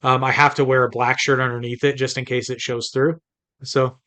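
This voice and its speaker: A man's voice: mid-range voice, level tone, brisk, bright, forceful tone. A man from the United States co-hosting a podcast in casual chat, chatty and rambling with frequent restarts. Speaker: podcast co-host.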